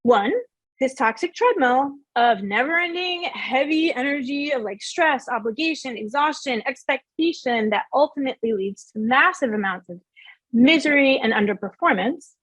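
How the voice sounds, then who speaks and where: Woman, high voice, motivational workshop speaker, earnest and emphatic, dry close sound. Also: animated, moderate pace, a bit bright, husky, no room sound. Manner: earnest, emphatic, asks the audience questions.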